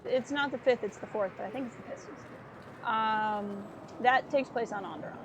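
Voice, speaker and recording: A woman's voice: a little high, brisk, background noise. A woman streaming a video game, chatting casually and with amusement as she plays. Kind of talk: casual gameplay commentary. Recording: game music behind voice.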